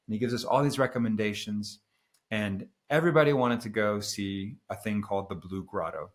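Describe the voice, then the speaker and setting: A middle-aged man co-hosting a podcast, telling a travel story in a relaxed, rambling way. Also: lowish voice, fairly quick. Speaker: podcast co-host. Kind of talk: casual storytelling chat.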